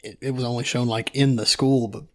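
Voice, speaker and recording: A man's voice: mid-range voice, little pitch movement, a little fast, fairly bright tone. Dry-witted man with a light Kentucky drawl. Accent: Eastern Kentucky, light drawl. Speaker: podcast co-host. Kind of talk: casual chat.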